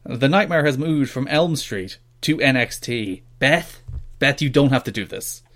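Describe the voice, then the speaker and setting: A man co-hosting a podcast in casual chat, talking in an animated, mocking way and often laughing. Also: medium pitch, measured pace. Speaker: podcast co-host.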